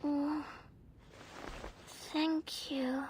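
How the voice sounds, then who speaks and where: A woman voicing an earnest, gentle young female disciple in a game, soft-spoken. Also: high-pitched, level tone, extremely slow, a little hiss or hum. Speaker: game character. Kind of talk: game voice acting.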